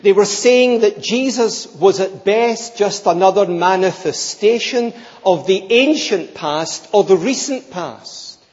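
Slow, emphatic male preacher in a hall. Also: high voice, lively intonation, darkish tone. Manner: emphatic, rhetorical, repeats key phrases. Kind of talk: sermon. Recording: long reverb, slightly dull sound.

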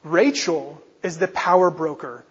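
A male pastor with a high, husky voice preaches earnestly and keeps pressing his listeners with questions. The sound carries a long hall reverb and comes through slightly muffled, as if recorded in a church sanctuary. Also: a little slow. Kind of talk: sermon.

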